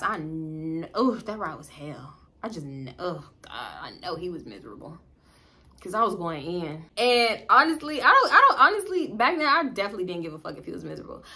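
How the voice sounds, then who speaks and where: A young woman vlogger telling a personal story in a casual, profane, animated way, laughing often and swinging between loud and quiet. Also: fairly low pitch.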